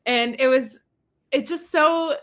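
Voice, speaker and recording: A woman's voice: high voice, slow, fairly bright tone. A young woman co-hosting a casual movie discussion, upbeat and chatty, laughing easily. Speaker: co-host.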